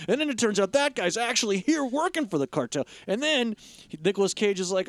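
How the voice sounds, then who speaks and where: A man with a high, very lively voice, talking through a film with friends and bouncing through mock dialogue. The sound is dry and close to the mic, with no room around it. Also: fairly quick, dry recording. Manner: animated, acts out scenes in quoted asides. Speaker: podcast co-host. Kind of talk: casual movie-review chat.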